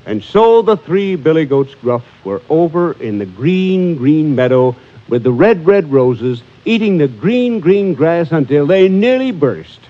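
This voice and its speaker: Brief: animated male storyteller, fairly high voice, sing-song reading, muffled recording with music behind. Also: unhurried. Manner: lively, rhythmic, sing-song.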